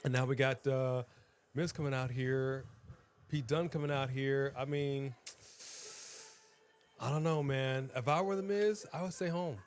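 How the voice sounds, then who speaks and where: A man co-hosting a live wrestling watch-along in casual chat, excitable and exclaiming often. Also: medium pitch, measured pace, pauses often.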